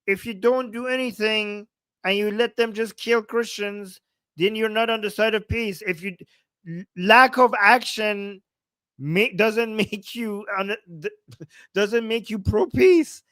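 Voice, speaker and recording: High-voiced man ranting sarcastically. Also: unhurried, fairly bright tone, clear, resonant tone, no room sound. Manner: sarcastic, combative, swears often. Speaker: political commentator reacting to a news clip. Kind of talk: reaction commentary.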